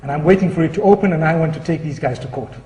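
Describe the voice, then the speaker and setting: A man's voice: on the high side, very fast, mellow, pitched below the performer's own voice, natural voice. A man playing a haughty woman who demands to sue, in a huffy, demanding way, in an echoey hall. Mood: indignant. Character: haughty indignant woman, adult. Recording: echoey hall, distant mic.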